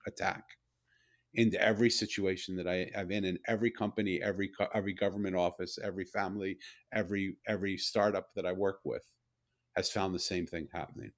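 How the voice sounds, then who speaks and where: An older man telling a personal story in a conversational interview, animated and repeating words as he builds his point. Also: deep voice, fast. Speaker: guest, author and CEO.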